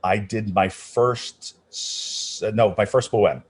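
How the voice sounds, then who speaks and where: A man's voice: fairly low pitch, slow pace, husky. A middle-aged man, an opera singer, telling anecdotes in an interview with many restarts and acted-out voices. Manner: animated storyteller, many restarts, acts out quoted voices. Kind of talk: casual storytelling interview.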